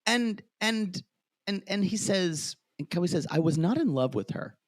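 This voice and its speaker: A man co-hosting a casual podcast, with a voice that swoops lively up and down as he retells scenes and slips into quick impressions of the cast. The sound is close and dry. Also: high voice, no echo. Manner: animated, quotes cast members in put-on voices. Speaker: podcast co-host. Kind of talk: casual chat recapping a reality show.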